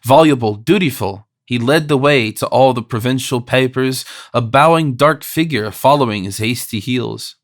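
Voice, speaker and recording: A man narrating a classic novel as an audiobook reader, in a measured literary reading style. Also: mid-range voice. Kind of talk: scripted narration.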